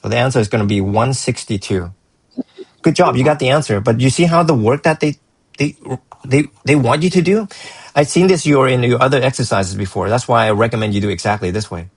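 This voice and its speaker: Husky-voiced man tutoring math. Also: mid-range voice, fairly quick, no echo, poor audio. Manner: encouraging, rambling with frequent restarts. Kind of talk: reviewing a student's work.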